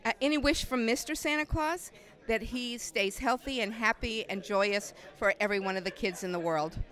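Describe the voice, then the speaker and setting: A woman's voice: on the high side, normal speed, a bit bright. A woman, an actress, chatting casually and affectionately as an interview guest.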